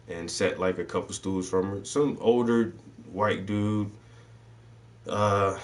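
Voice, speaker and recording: Laid-back low-voiced man, loose and profane. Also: recorded from a distance. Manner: loose, swearing storyteller voicing people in his stories. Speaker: host. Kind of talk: casual chat.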